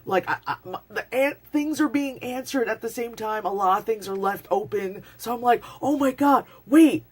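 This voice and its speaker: A woman's voice: on the high side, normal speed. Rambling woman reviewing a movie. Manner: rambling, full of "like" and swearing; excitable, acts out scenes in voices. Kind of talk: casual spoken movie review. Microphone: phone.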